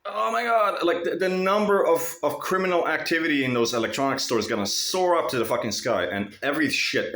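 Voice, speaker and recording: A man's voice: mid-range voice, a bit bright, echoey room. A man telling a story in a casual, profane vlog monologue, mimicking other people mockingly. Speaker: vlogger.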